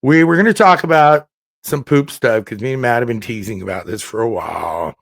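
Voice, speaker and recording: A man hosting a casual comedy chat, telling stories with animated energy. He jokes often and laughs his way through his tales. The voice sits mid-range and sounds dry and close. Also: medium pitch, a little fast, gravelly, no echo. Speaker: podcast host.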